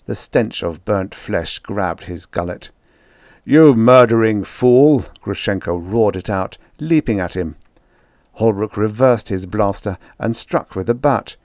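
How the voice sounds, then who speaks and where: In a low, unhurried voice, a male audiobook narrator reads a science fiction story with steady, dramatic delivery paced for tension. The recording is dry, close-miked, and free of echo.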